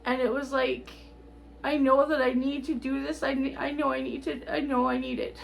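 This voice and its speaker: Tearful woman vlogger, high gravelly voice. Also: level tone, slight background noise. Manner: rambling, halting, repeats herself. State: tearful, on the verge of crying. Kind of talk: emotional personal update.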